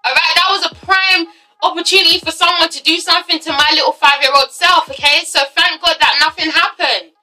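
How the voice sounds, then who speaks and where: A young woman from Ghana telling a storytime vlog, animated and swearing, often calling out to her viewers. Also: extremely high pitch, brisk, low-quality recording. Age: young adult. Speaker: vlogger.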